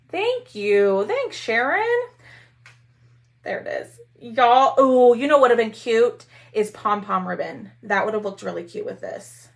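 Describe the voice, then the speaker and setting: A woman's voice: on the high side, fairly bright tone. A woman hosting a casual craft live stream, chatting with viewers while she works. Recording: faint background noise.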